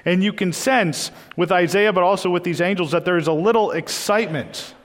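A man's voice: sits high, fairly quick, big-room sound. A man preaching a sermon in a church, earnest and emphatic, often repeating his phrases.

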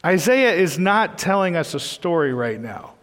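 A man's voice: high-pitched, sing-song, moderate pace, a bit bright, in a large hall. A man preaching a sermon in a church, earnest and emphatic, often repeating his phrases.

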